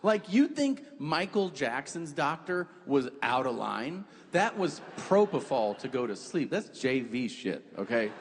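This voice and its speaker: A man in his forties doing a stand-up comedy set, telling stories with profanity and quick voices for the people in them. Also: medium pitch, long reverb tail, slight background noise. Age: 40s. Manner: animated, profane storytelling with quick put-on voices.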